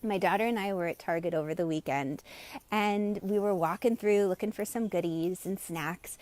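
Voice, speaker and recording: A woman's voice: lowish voice, darkish tone. A middle-aged woman, a meditation coach, talks to a live audience in an encouraging way and acts out the voices of people in her stories. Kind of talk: live-streamed guided meditation talk.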